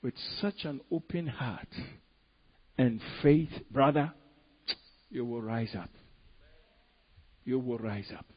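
A man preaching a sermon, moving between hushed pleading and loud, emphatic bursts. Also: mid-range voice, takes it slowly, long pauses, slightly rough, muffled recording.

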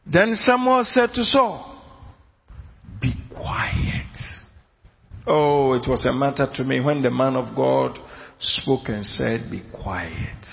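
Slow, gravelly preacher man in a hall. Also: mid-range voice, slight background noise. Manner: emphatic, repeats key phrases slowly, questions the congregation. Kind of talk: sermon. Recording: dull audio in a long-reverb hall.

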